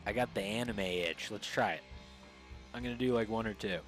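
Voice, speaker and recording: A man's voice: on the low side, fairly quick, fairly bright tone, soft background music, rough recording. A man streaming and chatting casually with strangers, rambling with many fillers and restarts. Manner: rambling, hesitant, lots of fillers. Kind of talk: casual livestream chat.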